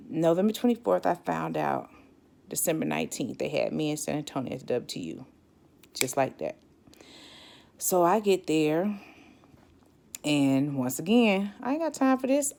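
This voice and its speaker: A woman's voice: mid-range voice, normal speed, creaky. A woman, casually telling her own story and acting out what people said. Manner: lively, acts out quotes with animated voices.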